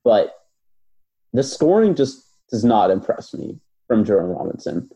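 A man's voice: fairly low pitch, big pitch swings, measured pace, mellow. A man co-hosting a basketball podcast, talking through his views in a casual, thoughtful way with many fillers and hedges. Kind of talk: casual analytical chat.

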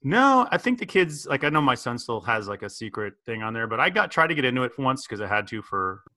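A man's voice: medium pitch, very animated, fast talker, sharp tone. A middle-aged man hosting a casual comedic news podcast, playful and prone to slipping into exaggerated impressions. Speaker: podcast host.

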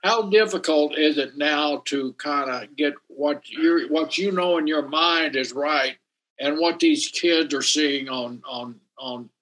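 A man hosting a casual interview, asking long, halting questions. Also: a little high, a bit bright, low-quality recording. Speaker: host.

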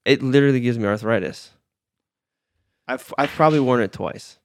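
A man's voice: medium pitch, normal speed, a little hiss or hum. A man co-hosting a podcast, talking in a laid-back, self-deprecating way in casual chat. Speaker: podcast co-host.

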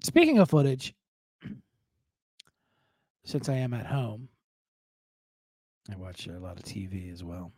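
A man's voice: lowish voice, very animated, takes it slowly, pauses often, darkish tone, no echo. A man hosting a podcast from home, talking in a casual solo monologue with profane, jokey, rambling asides. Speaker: podcast host.

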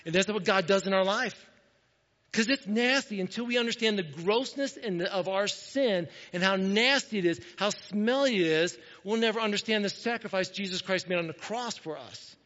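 A man preaching a sermon in a church, earnest and repetitive, moving between loud urging and quiet, hushed moments. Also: high-pitched, moderate pace. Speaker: pastor. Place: church sanctuary. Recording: dull echoey church hall.

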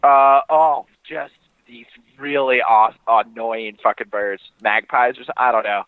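A man's voice: mid-range voice, fairly even intonation, moderate pace, clean tone, dry recording. A man rambling and joking in casual podcast chat, calling in over a phone line, swearing freely. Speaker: co-host on a phone call. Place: student living abroad.

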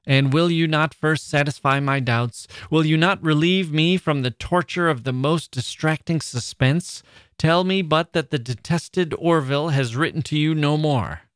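A man reading aloud and voicing a jealous 18th-century gentleman who pleads and rages theatrically. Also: a little high, moderate pace, smooth, no room sound, studio quality, pitched above the performer's own voice, lightly acted. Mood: impassioned. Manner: impassioned, theatrical outbursts.

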